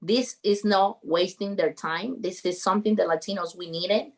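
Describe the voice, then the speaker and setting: A woman's voice: mid-range voice, normal speed. Earnest woman, English. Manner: animated, earnest, non-native English grammar. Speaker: podcast guest, roofing business founder. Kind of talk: emotional storytelling in conversation.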